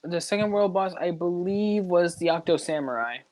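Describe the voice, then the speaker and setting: A young man co-hosting a casual gaming podcast, excitable and quick to interrupt with questions. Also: high-pitched. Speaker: podcast co-host.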